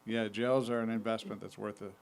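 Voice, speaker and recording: A man's voice: fairly low pitch, level tone, fairly quick, creaky, slight background noise. A man co-hosting a podcast, chatting casually in a playful, teasing way. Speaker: podcast co-host. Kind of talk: casual chat.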